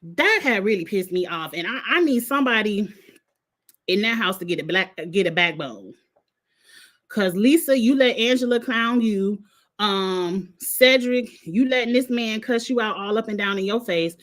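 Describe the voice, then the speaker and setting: A woman, hosting a casual reaction vlog in a blunt, heated, profane and animated way. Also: mid-range voice, normal speed. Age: adult with a son in college. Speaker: vlog host reacting to a reality show.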